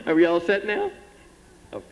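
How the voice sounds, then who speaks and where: A man's voice: high voice, huge pitch swings, measured pace. Folksy man telling jokes in a hall. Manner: folksy, self-deprecating about getting old. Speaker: comedian entertaining at a pageant. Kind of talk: stand-up joke telling to a live audience. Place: theatre stage. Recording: dull, muffled hall recording with long reverb.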